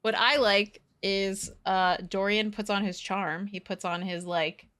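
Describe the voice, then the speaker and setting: A woman's voice: mid-range voice, a little slow. A woman co-hosting a podcast, casually recapping a book and chatting. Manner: relaxed, recapping the plot with acted quotes. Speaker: podcast co-host.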